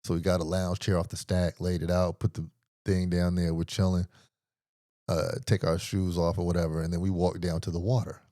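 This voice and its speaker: A man's voice: deep voice, little pitch movement, brisk, mellow, no echo, clean studio sound. A man hosting a podcast, telling a rambling story in a laid-back, profane and slangy way, acting out the lines of the people in it. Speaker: podcast host. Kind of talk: casual comedic storytelling.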